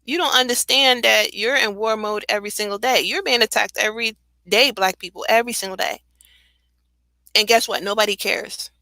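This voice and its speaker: A woman's voice: on the high side, brisk, sharp tone, dry recording, low-quality recording. A woman guest on a talk radio show, talking in an impassioned, conversational way with frequent fillers and some laughs. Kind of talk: casual radio commentary.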